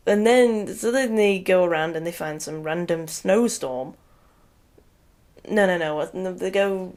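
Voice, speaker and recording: A woman's voice: on the low side, darkish tone. A woman giving a casual, rambling rant review, sarcastic and often breaking into laughter. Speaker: video reviewer.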